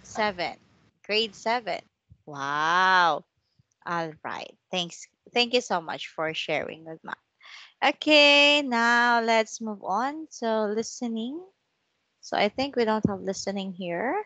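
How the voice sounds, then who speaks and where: In a one-to-one online English class over video call, a woman speaks slowly and encouragingly, modelling words for her student to repeat. Her medium-pitched voice has lively intonation and a sharp tone, with no echo.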